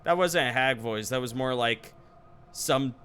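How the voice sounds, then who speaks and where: A man's voice: medium pitch, measured pace, fairly bright tone, smooth. A male streamer playing a game live, reading the dialogue aloud and adding wry, joking asides.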